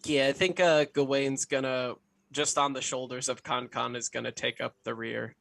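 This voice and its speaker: A man's voice: mid-range voice, steady tone, moderate pace, creaky, a bit bright, no room sound. A man player talking casually at a tabletop game, thinking aloud.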